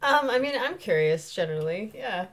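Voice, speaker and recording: A woman's voice: mid-range voice, moderate pace. A young woman co-hosting a podcast in casual chat, easily amused and laughing. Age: young adult. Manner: giggly, easily amused, animated. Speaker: podcast co-host.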